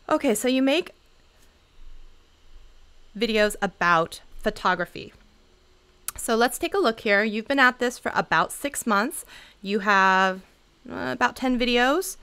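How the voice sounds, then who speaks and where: A woman's voice: medium pitch, fairly bright tone, smooth. A woman chatting casually on a livestream, giving channel advice in a bubbly, talkative way and laughing often. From Seattle area.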